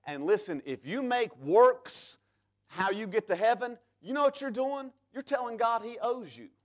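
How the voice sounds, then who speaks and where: A man preaching a sermon in church, reading scripture aloud and swinging between loud emphatic peaks and sudden hushed drops. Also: extremely high pitch, lively intonation, normal speed. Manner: reads scripture aloud in King James English. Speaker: pastor.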